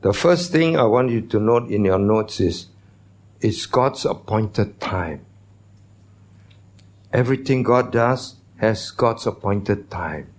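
Low-pitched male pastor, conversational teaching sermon, church. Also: expressive, takes it slowly. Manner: conversational teaching, asks the congregation questions.

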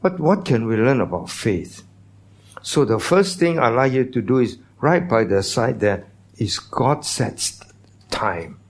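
A pastor preaching a sermon in a church, teaching in a conversational way and putting questions to the congregation. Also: male voice, medium pitch, very animated, a little slow.

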